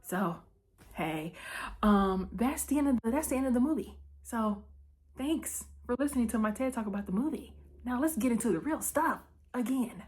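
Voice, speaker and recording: A woman hosting her vlog, recapping a movie in a breezy, chatty way, full of quick asides and "okay?" check-ins. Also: fairly high pitch, expressive, darkish tone. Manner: breezy and playful, with asides and quick self-corrections. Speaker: vlog host. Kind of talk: casual chat movie recap.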